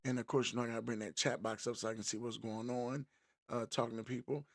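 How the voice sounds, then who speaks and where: A man's voice: medium pitch, little pitch movement, quick pace, over a noisy crowd, very noisy. A middle-aged man hosting a live-streamed podcast, opening the show in an upbeat, chatty way and greeting viewers by name. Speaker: podcast host.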